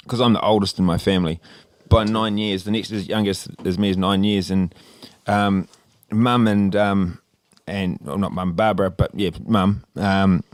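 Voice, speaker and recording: A man's voice: deep voice, fairly even intonation, unhurried, few pauses, dry recording. Rambling Australian man telling a story. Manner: rambling, laughing, swears freely. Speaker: podcast co-host. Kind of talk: casual storytelling chat.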